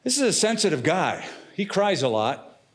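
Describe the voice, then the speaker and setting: Expressive pastor, a man preaching. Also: high-pitched, normal speed. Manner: expressive, dramatic preaching with casual slang. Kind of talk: sermon.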